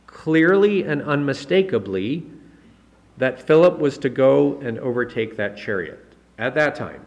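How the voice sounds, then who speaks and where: A man giving a conversational sermon in a medium-pitched voice. He talks in a relaxed, chatty way with small self-corrections, then lifts his voice higher and louder to drive a point home. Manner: rises in pitch and volume to stress key points. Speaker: pastor.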